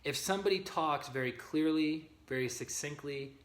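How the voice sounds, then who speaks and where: A man's voice: a little high, normal speed. Guy doing a spiritual lesson on a live stream, earnest, keeps asking "okay?", echoey room. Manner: earnest, often checking in with "okay?" and "right?". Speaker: spiritual teacher. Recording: roomy echo.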